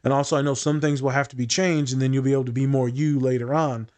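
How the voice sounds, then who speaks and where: A man's voice: mid-range voice, steady tone, quick pace, darkish tone. A man co-hosting a casual discussion, speaking bluntly and candidly, swearing freely and thinking aloud with fillers and restarts. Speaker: podcast co-host.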